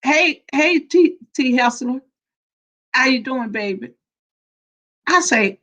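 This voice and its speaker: A woman's voice: on the high side, lively intonation, a little slow, fairly bright tone, highs cut off. A woman hosting a casual livestream, laughing often as she greets viewers by name and reads their comments. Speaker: livestream host.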